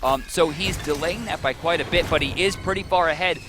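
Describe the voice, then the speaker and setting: A man casting a live esports match, giving quick play-by-play and analysis that gets excited on big plays. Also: fairly high pitch, background noise. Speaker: esports caster.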